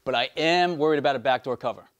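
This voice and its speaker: A man's voice: mid-range voice, highs cut off. A man giving confident, stats-driven betting picks on a casual football show. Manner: brisk, confident, stat-heavy. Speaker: betting analyst. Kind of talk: casual sports betting chat.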